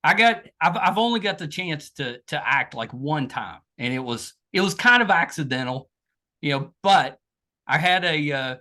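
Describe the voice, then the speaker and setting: A woman's voice: sits low, expressive, moderate pace, bright, forceful tone. A woman from West Virginia with a strong Southern drawl, hosting a podcast interview in a chatty, self-deprecating way. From West Virginia, USA. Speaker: podcast host. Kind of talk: casual interview chat.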